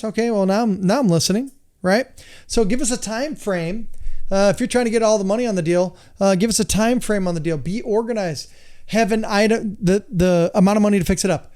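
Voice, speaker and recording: A middle-aged man from the United States gives an emphatic instructional talk, often sounding exasperated. He repeats his points for weight. His voice sits fairly high and sounds clear and resonant. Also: fairly quick, a little mellow. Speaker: real estate investor and hard money lender. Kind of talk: instructional monologue.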